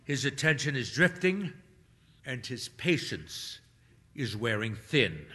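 A man narrating a comic story in a wry, animated way. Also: mid-range voice, slow pace, slightly rough, in a large hall.

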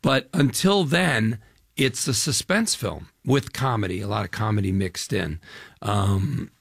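This older Midwestern man, from around Chicago, is an actor guest in an interview, discussing his film with enthusiasm and a rambling, filler-heavy delivery. His voice runs on the low side at a measured pace, gravelly and husky, with clean studio sound and no room sound.

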